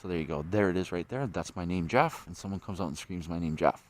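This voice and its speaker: A man with a deep, low voice talks straight to his camera outdoors late at night. He rambles and repeats himself, swears freely and keeps tagging his sentences with "eh?". A faint background noise sits under the recording. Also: steady tone, fast. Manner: repetitive, profane, tags sentences with "eh?". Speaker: vlogger.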